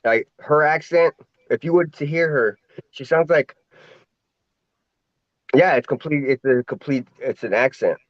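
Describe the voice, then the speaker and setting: A man with an American accent chatting casually, rambling with halting restarts. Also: fairly high pitch, no echo. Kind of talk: casual chat. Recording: dull dry lo-fi audio.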